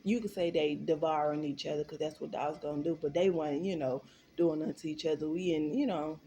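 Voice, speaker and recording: Animated, swearing woman telling a story. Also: low voice, brisk, slight background noise. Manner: animated, profane and emphatic. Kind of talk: storytime vlog.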